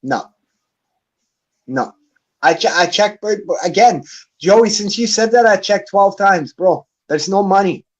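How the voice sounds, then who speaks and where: A high-pitched man hosting a battle rap league stream angrily calls someone out in a profane, heated livestream rant. He speaks at a measured pace with frequent pauses, over lo-fi sound.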